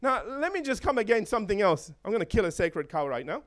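A man preaching a sermon to a congregation, animated and laughing often, checking in with the listeners. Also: high-pitched, fast talker. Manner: animated, laughing, acts out voices of chickens and eagles; asks the congregation for responses.

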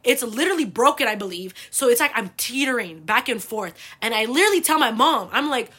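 Bright-voiced woman telling profane stories. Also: on the high side, fast talker, slightly rough. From United States. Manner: animated, profane, laughing. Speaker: podcast host. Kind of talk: casual storytelling.

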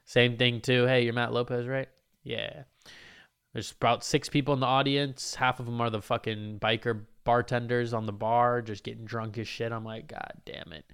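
A young man telling a story about his comedy gigs in a casual, animated and profane way, mocking himself. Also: medium pitch, normal speed, creaky, smooth.

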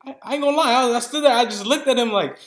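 Casual swearing man telling a story. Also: very fast. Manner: swearing, animated retelling with bursts of high laughter. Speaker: podcast co-host.

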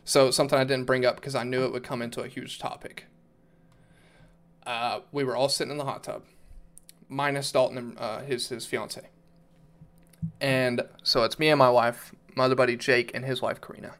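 A man's voice: medium pitch, little pitch movement, moderate pace, long pauses, fairly bright tone. A young man on a casual podcast, telling loose, profane stories full of fillers. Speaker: podcast co-host. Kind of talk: casual chat.

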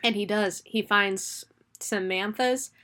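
A young woman co-hosting a casual movie review podcast, excitable and giggly, acting out characters' lines as she talks. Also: mid-range voice, slow pace. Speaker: podcast co-host.

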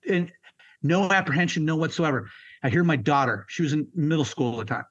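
A man in his fifties, a military veteran being interviewed, telling his story in a raw, halting way and swearing freely. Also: on the high side, fairly bright tone, highs cut off. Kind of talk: candid personal storytelling.

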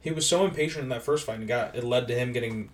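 A man's voice: medium pitch, quick pace. A man in his twenties co-hosting a podcast, easygoing and steering the chat from one segment to the next. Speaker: podcast co-host. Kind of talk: casual chat about fight betting. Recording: voice a bit distant from the mic.

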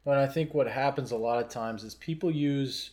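A man's voice: medium pitch, moderate pace, a little mellow. A man in a podcast chat, musing aloud and asking rhetorical questions. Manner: reflective, asks rhetorical questions. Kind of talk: podcast conversation.

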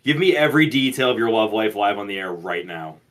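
Podcast dude cracking jokes, voice jumps all over, yells stuff like he can't believe it. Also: lowish voice, animated, fairly quick. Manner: reacts with loud, joking outbursts. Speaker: podcast co-host. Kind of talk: casual banter.

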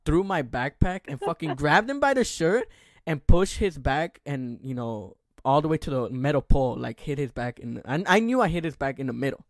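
A young man in his twenties hosting a podcast, telling a story with lots of swearing and restarts. His voice sits a little high, and the recording is dry and close, with no room sound. He is animated and rambling. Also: normal speed, no room sound. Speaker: podcast host. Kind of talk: casual storytelling chat.

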